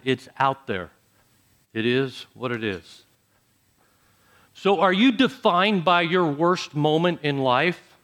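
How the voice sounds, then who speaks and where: A man preaching a sermon, dramatic, dropping to soft low phrases and then rising to loud emphatic ones. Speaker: pastor.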